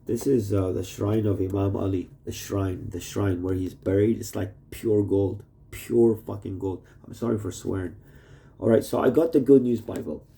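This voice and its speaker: With a lowish, creaky, warm voice, a man rambles through a video message to his wife, swearing and switching topics constantly. He's a vlogger filming indoors in a shared home while his roommates sleep.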